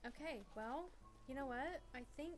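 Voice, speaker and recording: Chatty woman streaming from her room, lots of ums and giggles, soft game music under it. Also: high-pitched, normal speed. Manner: chatty, giggly, rambling with many fillers. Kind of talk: casual livestream chat. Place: small room at home.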